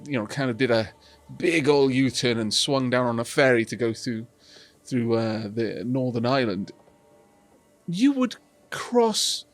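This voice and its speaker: A Welshman with a medium-pitched voice plays a strategy game on a live stream, chatting casually with his audience and rambling along with many restarts.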